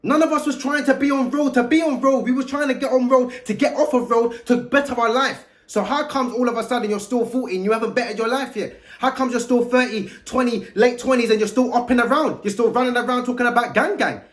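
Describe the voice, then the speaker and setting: A man's voice: extremely high pitch, quick pace, hardly any pauses. A man, a youth mentor giving a blunt, preachy monologue full of street slang. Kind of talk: direct-to-camera monologue.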